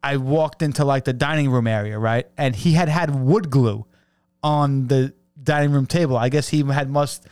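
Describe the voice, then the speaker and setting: A man's voice: medium pitch, normal speed, a little mellow, clean tone, dry recording. Rambling, swearing man telling a story. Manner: rambling, laughs through story, swears a lot. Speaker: podcast co-host. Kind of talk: casual storytelling chat.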